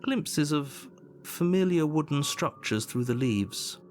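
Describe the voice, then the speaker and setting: A man's voice: on the high side, animated, slow, faint music behind. An actor playing a smug, sardonic male narrator in a game, dry and exasperated in manner. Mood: ominous.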